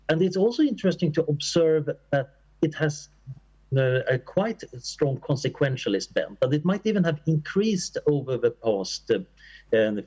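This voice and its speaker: At an academic conference, a man responds to an audience question thoughtfully and at length, with fillers and restarts, coughing now and then. His voice is medium-pitched, a little mellow and slightly rough. The recording sounds muffled.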